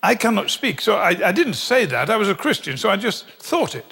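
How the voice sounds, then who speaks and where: A British man preaches in a large hall, his fairly high voice trailing off into a long reverb. He is animated and wry, and he slips into the voices of the people in his stories. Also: brisk, creaky, husky. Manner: animated, humorous storytelling with acted quotes. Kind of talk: sermon.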